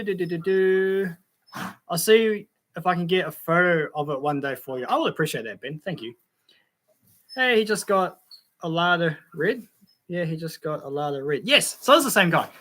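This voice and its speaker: A man's voice: on the high side, sharp tone. An Australian man hosting a casual livestream, reading out chat comments and telling rambling car stories in a laid-back way. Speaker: livestream host.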